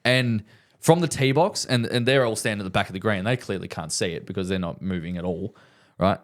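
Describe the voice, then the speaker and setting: A man's voice: on the low side, brisk. A man co-hosting a podcast, telling golf stories in casual chat, swearing freely and checking in with "right?" all the time. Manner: storytelling, swearing, lots of "right?". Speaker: podcast co-host.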